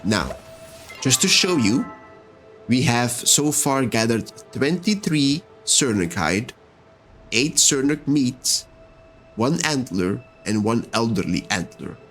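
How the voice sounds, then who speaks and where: A man talking his way through a game session, chatting to the characters as he goes. His delivery is slow and relaxed, but his pitch swings about animatedly. Soft game music plays faintly underneath. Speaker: let's-play host. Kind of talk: gameplay commentary.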